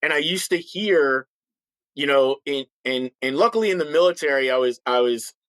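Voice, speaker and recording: A middle-aged man and former police officer, a podcast guest, speaking bluntly and forcefully with frequent restarts. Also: medium pitch, animated, normal speed, dry recording, rough recording. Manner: acts out others' voices in stories. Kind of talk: podcast interview talk.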